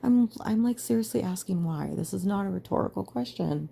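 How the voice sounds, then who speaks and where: A woman's voice: medium pitch, animated, brisk, vocal fry, dark tone, husky. A young adult woman hosting a podcast, talking in an earnest, emphatic monologue full of "like" fillers. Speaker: podcast host. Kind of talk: casual personal monologue.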